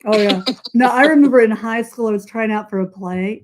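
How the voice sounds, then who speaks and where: A talkative woman with a light Southern drawl, speaking in a slightly high voice. She hosts a casual live chat over a video call, laughing often and poking fun at herself. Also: a little fast. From Southern United States. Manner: chatty, laughs often, self-mocking. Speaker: host.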